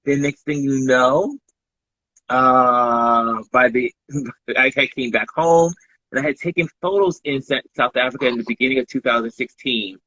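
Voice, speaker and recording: A man's voice: mid-range voice, moderate pace, no room sound, lo-fi sound. A man, a guest photographer, talking casually in a live-stream interview and acting out the voices of the people in his stories. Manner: lively storyteller who acts out quoted dialogue.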